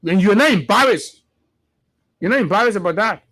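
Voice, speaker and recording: A man's voice: high voice, lively intonation, brisk, fairly bright tone. A man with a Liberian English accent hosting a morning show, giving impassioned political commentary and repeating phrases for emphasis.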